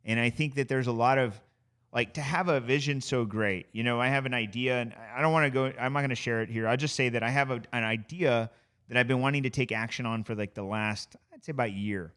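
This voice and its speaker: A man who is a guest on a podcast, chatting casually in a studio, an animated storyteller who swears freely. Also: medium pitch, fast talker, clean tone.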